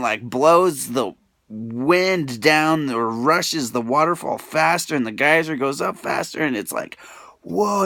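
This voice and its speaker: A man's voice: fairly high pitch, fairly bright tone, dry recording. Rambling emotional young man, dry sound. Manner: emotional, swings between mumbling and crying out; rambling, many filler "like"s. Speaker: vlogger. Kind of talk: rambling personal confession.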